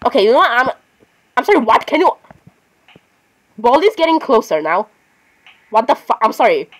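A woman's voice: a little high, sing-song, normal speed. A woman giving casual gameplay commentary, chatting on and arguing with herself, often breaking off to apologize. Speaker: gaming channel host.

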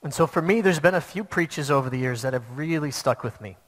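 A man's voice: on the high side, a little fast. A man preaching a sermon to a church, telling a personal story in an earnest, plain way. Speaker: pastor. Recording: long hall reverb.

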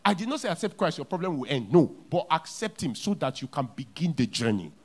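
A man preaching a sermon as pastor in a church, with a Nigerian English accent, repeating key lines and swinging from hushed to loud. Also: on the high side, sing-song, a little fast.

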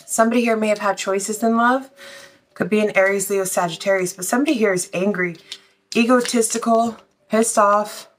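A woman's voice: mid-range voice, fairly even intonation, brisk, slight background noise. A woman doing a casual tarot reading, chatty and blunt, swearing freely and a little out of breath. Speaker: tarot reader.

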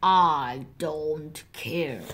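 A woman voicing a cranky fox who is raising a brood of chicks, curt and gruff. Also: mid-range voice, sing-song, measured pace, noisy background. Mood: grudging.

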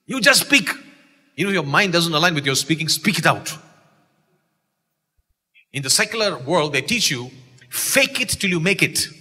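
A man's voice: fairly high pitch, expressive, normal speed, long pauses. A man with a Malaysian English accent, preaching an exuberant sermon in a church and calling for responses from the congregation. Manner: exuberant, calls for audience responses, shouts key lines. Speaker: pastor. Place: church sanctuary. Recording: long church reverb.

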